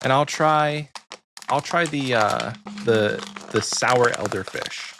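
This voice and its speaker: A man's voice: medium pitch, slow pace, noisy background. An American man co-hosting a podcast, chatting casually and rambling with frequent ums. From United States. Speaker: podcast co-host.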